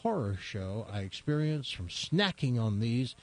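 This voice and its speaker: A man's voice: medium pitch, sing-song, unhurried. A male host chatting and telling an old joke, rambling with many restarts. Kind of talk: comedic chat and joke telling.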